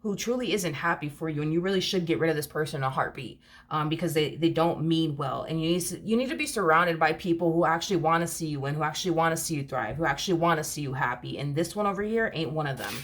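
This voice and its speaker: Low-voiced chatty woman reading tarot. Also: quick pace. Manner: chatty, rambling, many fillers and "you know". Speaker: tarot reader. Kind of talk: casual tarot reading monologue.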